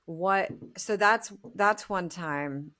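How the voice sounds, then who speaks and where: Slow-talking low-voiced woman co-host. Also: pushed and bright. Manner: reactive, supportive interjections. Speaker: podcast co-host. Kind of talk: casual chat.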